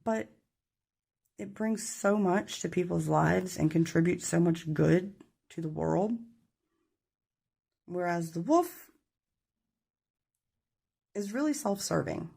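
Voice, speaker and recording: Low, gravelly-voiced woman reading tarot cards. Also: lively intonation, slow, long pauses, dark tone. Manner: rambling, chatty, apologetic when tongue-tied. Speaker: tarot reader. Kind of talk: casual tarot reading to camera. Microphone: camera mic.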